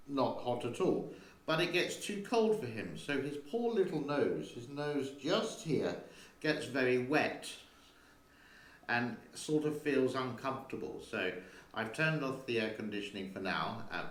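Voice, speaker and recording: Man host, casual rambling home vlog, mid-pitched, roomy echo. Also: fairly bright tone. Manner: rambling and chatty, talks to his cat. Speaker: channel host. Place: home studio.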